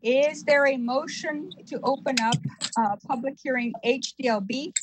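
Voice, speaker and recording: A woman's voice: sits high, moderate pace, noisy background. A woman chairing a virtual board meeting, reading agenda items formally with hesitant fillers.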